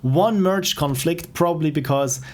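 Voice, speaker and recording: A man's voice: on the high side, measured pace, a little hiss or hum. A man casually commenting while playing indie games on a stream, enthusiastic and self-deprecating. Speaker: game streamer.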